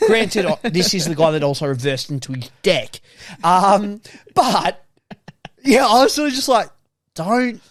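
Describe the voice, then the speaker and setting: Higher-voiced Australian man, swearing storyteller. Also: normal speed, no echo, studio quality. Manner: swearing, rambling and animated, with lots of fillers. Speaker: podcast co-host. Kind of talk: casual storytelling chat.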